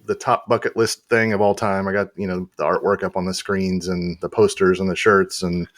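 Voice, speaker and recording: A man appearing as a podcast guest, telling a story in a relaxed, rambling way with many fillers. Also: sits low, moderate pace, no echo, studio quality. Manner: rambling, lots of uh and you know. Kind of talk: casual chat.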